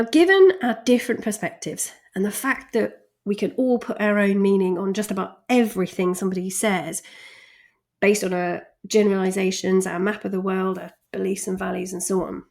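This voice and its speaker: A woman's voice: medium pitch, creaky, a little mellow. Chatty woman coaching. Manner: chatty, laughs often, stresses key words. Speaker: communication coach. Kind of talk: recorded lesson.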